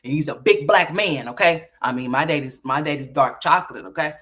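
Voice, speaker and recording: Telling a story on her livestream at a fairly quick clip, a host from Oklahoma is loose, animated and full of profanity. Her delivery swings from low muttering to loud exclamations.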